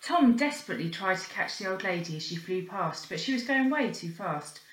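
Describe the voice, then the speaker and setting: Animated woman reading a children's story. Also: medium pitch, a little fast, echoey room, poor audio. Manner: expressive, animated narration with sound effects.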